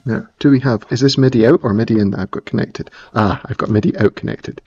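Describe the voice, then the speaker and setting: Here a mildly accented Scottish man talks fast at medium pitch, his tone darkish and husky over lo-fi audio. Hosting a live stream while he sets up music gear, he chats casually, rambles, and keeps restarting.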